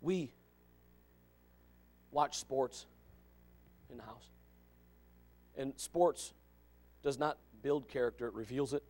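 A male pastor preaching a fiery sermon, swinging from shouts to low asides. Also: slow pace, long pauses.

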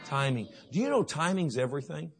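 A man's voice: fairly high pitch, very animated, brisk, gravelly. A man preaching a sermon to teenagers, emphatic and repetitive, often asking his listeners questions. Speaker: youth pastor.

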